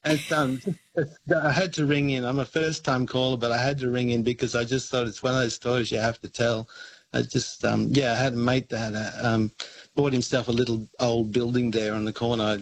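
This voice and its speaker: A man rings a radio show for the first time and tells a story. He talks in a friendly, rambling way, pausing often with fillers as he goes. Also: mid-range voice, level tone, no room sound, rough recording. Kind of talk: phone-in storytelling.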